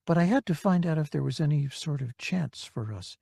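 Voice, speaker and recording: A man's voice: fairly high pitch, expressive, a little fast, gravelly, dark tone, slightly rough, no room sound, clean studio sound, heavily acted. A man reading as a hesitant, hopeful young woman. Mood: hopeful, tentative. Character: hopeful young redheaded woman in a holo message. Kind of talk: audiobook character reading.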